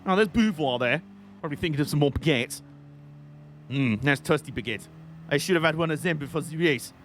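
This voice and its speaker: A man's voice: on the high side, lively intonation, a little fast, slight background noise. A young man giving rambling, jokey live commentary while playing a racing game on stream. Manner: jokey, rambling, chatty banter.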